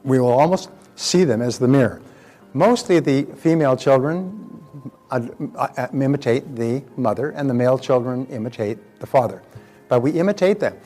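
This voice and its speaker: A man's voice: mid-range voice, lively intonation, normal speed, mellow, soft background music. An older man giving a motivational talk in a conversational way, telling stories and repeating words as he goes. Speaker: motivational speaker.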